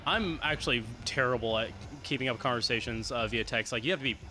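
A man's voice: medium pitch, fast talker, pushed and bright. A young adult man chatting casually over a video game, joking and teasing in a dry way. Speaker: gaming co-host. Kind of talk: casual chat over gameplay. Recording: noisy home recording.

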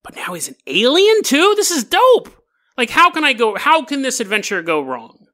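A man voicing an excitable, lovestruck man who rambles eagerly with laughs. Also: extremely high pitch, a little fast, exaggerated voice. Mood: thrilled. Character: excitable lovestruck man telling his story.

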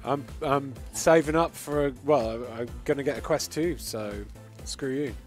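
A man's voice: medium pitch, moderate pace, faint music behind. A man hosting a game stream, trading jokes and teasing banter with friends over a headset. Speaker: streamer and host. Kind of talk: casual gaming chat.

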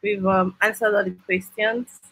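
A woman's voice: mid-range voice, fairly even intonation, normal speed, a bit bright, husky, no room sound, rough recording. A woman moderating a panel, asking questions in a hesitant way with fillers. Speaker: session moderator.

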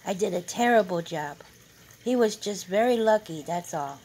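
A woman's voice: medium pitch, lively intonation, normal speed, darkish tone, lightly acted, poor audio. A woman reading aloud, voicing a proud and bossy older mother who boasts about her son. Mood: boastful. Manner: boastful, emphatic.

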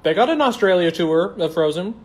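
A young man with a slightly high voice chats loosely into a phone held at arm's length. He reads viewers' comments aloud and answers them with sassy, campy slang. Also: lively intonation, brisk. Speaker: stage actor hosting a livestream. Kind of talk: casual livestream chat reading comments.

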